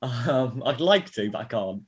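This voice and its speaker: On a casual fan podcast, a male co-host rambles and jokes, restarting sentences often and leaning on fillers. His medium-pitched voice is expressive, unhurried, and a little rough.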